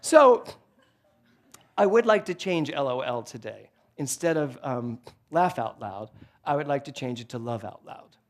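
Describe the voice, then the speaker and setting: A male minister delivering a sermon in a church, telling humorous stories in an animated, joking way into a handheld microphone. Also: mid-range voice, unhurried. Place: church sanctuary before a congregation.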